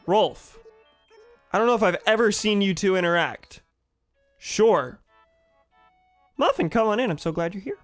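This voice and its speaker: A man's voice: high-pitched, expressive, a little slow, long pauses, dry recording, faint music behind. A young man with a sore throat, casually joking and swearing while streaming a game. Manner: joking, swears, reads game dialogue aloud. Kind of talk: casual gaming commentary.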